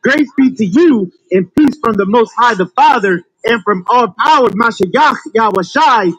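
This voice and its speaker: A man slowly and carefully reading scripture aloud. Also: extremely high pitch, animated, fairly bright tone, no room sound, poor audio. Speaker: scripture reader.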